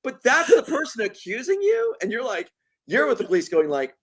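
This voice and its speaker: A man talking as a guest in an interview. His pitch swings widely as he tells stories with animated emphasis. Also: fairly quick. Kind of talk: conversational interview.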